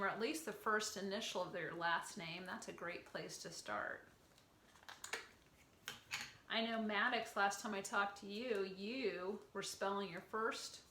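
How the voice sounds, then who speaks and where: A middle-aged woman leading a circle time lesson for young children, gentle and encouraging, praising each child by name. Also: mid-range voice, a little slow, hardly any pauses. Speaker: preschool teacher. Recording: echoey room with faint ambient noise.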